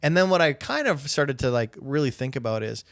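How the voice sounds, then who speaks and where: A man in his thirties co-hosts a casual podcast and tells reflective stories about his children. His voice has a gravelly edge. The sound is close and dry. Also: mid-range voice, animated, a little fast, a bit bright, no echo. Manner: storytelling, reflective, fond of his kids. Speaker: podcast co-host. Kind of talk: casual chat.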